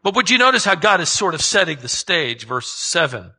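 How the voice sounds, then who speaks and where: This sermon comes from a male pastor whose high, animated voice rises and falls across a wide pitch range, very bright yet husky. He presses his points emphatically, firing rhetorical questions at the audience again and again. The delivery is brisk and the audio is poor.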